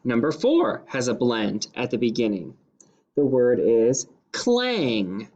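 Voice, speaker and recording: A man teaching a phonics dictation lesson to young pupils, sounding out each word slowly and clearly and repeating it several times. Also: medium pitch, wildly swooping pitch, a little mellow, highs cut off.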